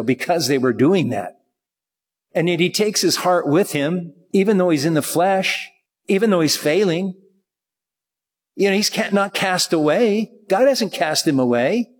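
Male pastor, earnest and halting, husky tone, long church reverb. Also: a little high. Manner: earnest, halting with restarts, slows to read scripture. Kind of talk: sermon.

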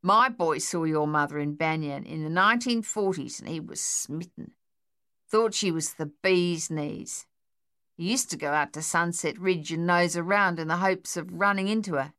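A woman voicing a sharp-tongued, spry old woman in an audiobook, with a dry, tart, unhurried manner. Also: on the low side, clean tone, close to an everyday voice. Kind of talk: audiobook character voice.

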